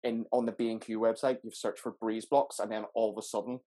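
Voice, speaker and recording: A man's voice: on the low side, flat delivery, fast talker, warm tone. A man hosting a podcast, joking and rambling in loose casual chat. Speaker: podcast host.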